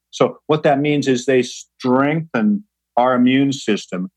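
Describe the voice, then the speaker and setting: A man's voice: mid-range voice, no room sound, low-quality recording. A man speaking as a guest, explaining things patiently in an interview, often restarting and repeating words. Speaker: guest, mushroom grower.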